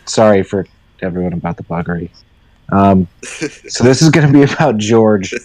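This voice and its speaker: A man narrating his turn in a tabletop storytelling game, a lively storyteller who swears and jumps into character voices. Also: lowish voice, moderate pace, no echo, rough recording. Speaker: player.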